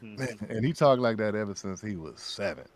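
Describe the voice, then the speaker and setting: Animated male guest telling stories. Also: lowish voice, normal speed, crowd noise. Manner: animated storyteller who acts out friends' lines. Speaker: guest voice actor. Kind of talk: casual podcast chat.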